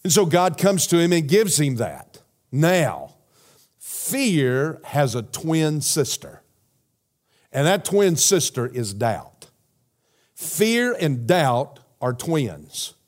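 Man, pastor, sermon, a bit high-pitched, measured and emphatic, rhetorical questions. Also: sing-song.

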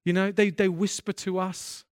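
A man's voice: high voice, flat delivery, moderate pace, dry recording, clean studio sound. A man preaching a sermon as a pastor, earnest and impassioned, often restarting his sentences and building in intensity.

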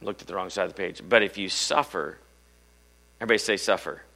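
A middle-aged pastor preaches fast in a low, gravelly voice, launching rhetorical questions at the congregation. His sermon swings back and forth between loud and hushed.

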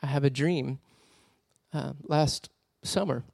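A man preaching a sermon as a personal story, animated and laughing often as he tells it. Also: medium pitch, slow pace, creaky, no echo, clean studio sound.

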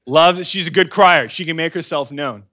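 A man's voice: on the high side, moderate pace. A man preaching a sermon as a pastor, telling stories in a conversational way and often checking in with "right?". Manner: conversational, animated storytelling, frequent "right?" asides.

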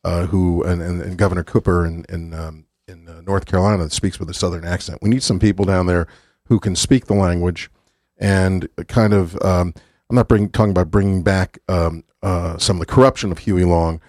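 Brief: politician guest, lowish voice, measured pace with ums, dry studio sound. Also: male voice, steady tone, darkish tone, no echo. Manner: measured, fills pauses with um and uh. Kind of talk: radio studio conversation.

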